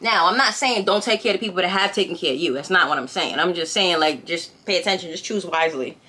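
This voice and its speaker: A woman vlogger talks to her viewers from home in a loose storytime chat. Her voice is bright and pointed. She retells the story with lively gossip and keeps asking her audience rhetorical questions. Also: lowish voice, fast. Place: home, by a window.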